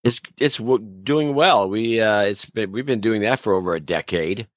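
An older man speaking as a guest on a podcast in a halting, casual way, often restarting his sentences. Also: fairly low pitch, dry recording. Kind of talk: casual interview chat.

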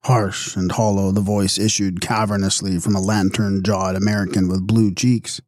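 A man narrating an audiobook in a measured, wry tone. His voice sits low, and the recording is close and dry with no room echo. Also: darkish tone.

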